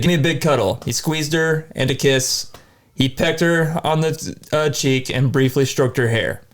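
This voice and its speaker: A young man co-hosting a podcast, casually reading a horror story aloud, tripping over words and laughing along the way. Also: medium pitch. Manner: laid-back, stumbles and laughs over words. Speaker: podcast co-host.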